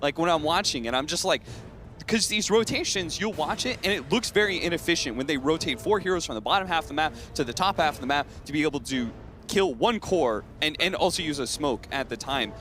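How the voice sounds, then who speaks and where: A man's voice: on the high side, expressive, fairly quick, fairly bright tone, faint music behind. A man from Seattle, an esports analyst who breaks down plays in a talkative, analytical way. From Seattle, USA. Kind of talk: casual panel analysis.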